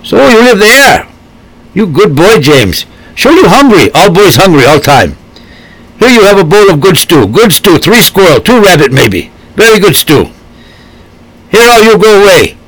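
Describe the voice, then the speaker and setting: A man's voice: sits high, big pitch swings, normal speed, fairly bright tone, no room sound, voice pushed up, exaggerated voice, rough recording. A man reading a storybook, putting on a kind old woman who speaks broken, heavily accented English. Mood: kindly. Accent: foreign-accented broken English. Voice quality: thick-accented, simple broken phrasing.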